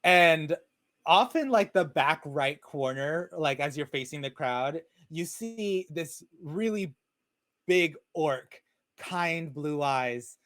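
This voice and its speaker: Relaxed male game master, dry close sound. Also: a little high, slow pace, dry recording. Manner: relaxed, rambling, many fillers. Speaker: dungeon master. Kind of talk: narrating a tabletop game. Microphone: video call.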